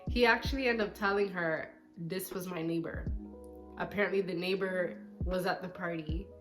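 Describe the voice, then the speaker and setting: A woman's voice: on the low side, fairly even intonation, moderate pace, music in the background. Chatty, sassy young woman telling a story. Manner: chatty and candid, with a petty, sassy streak. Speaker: vlogger. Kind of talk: casual storytime chat.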